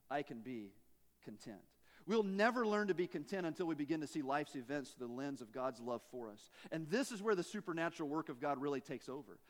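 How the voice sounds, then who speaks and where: A male pastor preaching a sermon, swinging between emphatic raised lines and quiet, dropped endings. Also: fairly high pitch, lively intonation, a little fast, big-room sound.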